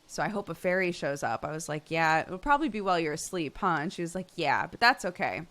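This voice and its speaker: A woman's voice: on the low side, expressive, quick pace, a bit bright. A woman in her thirties, a streamer, casually telling chat an exasperated story with bursts of laughter. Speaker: streamer host.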